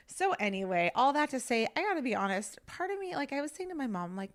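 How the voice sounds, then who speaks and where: A woman's voice: on the high side, sing-song, fast, few pauses. A pregnant woman in her thirties hosting a casual solo podcast, chatting candidly with lots of filler words and sounding a little out of breath. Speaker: podcast host.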